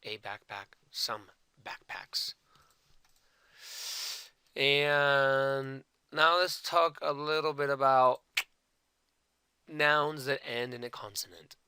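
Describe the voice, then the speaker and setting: Slow, bright-voiced male language teacher. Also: mid-range voice, clear, resonant tone, no echo, clean studio sound. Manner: slow, deliberate, repeats and spells out each example; mixes Spanish words into English explanations. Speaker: Spanish teacher. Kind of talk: explaining Spanish grammar to learners.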